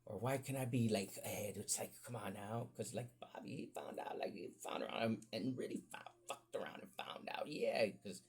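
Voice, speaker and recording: A man hosting a podcast, telling a profane, animated story in casual talk that jumps up high when he gets excited. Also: normal speed, hardly any pauses, breathy edge. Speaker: podcast host.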